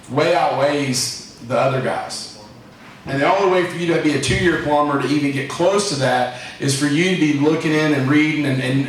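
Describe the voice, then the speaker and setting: A man's voice: medium pitch, a little hiss or hum. A man giving a rambling, folksy motivational talk to his staff as company president. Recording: echoey room, distant mic.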